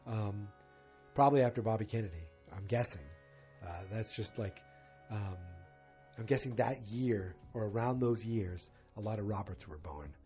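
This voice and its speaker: A man's voice: lowish voice, normal speed, dark tone, faint music behind. A man hosting a podcast, recapping a TV episode in a rambling, chatty way and acting out the characters' lines. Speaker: podcast host.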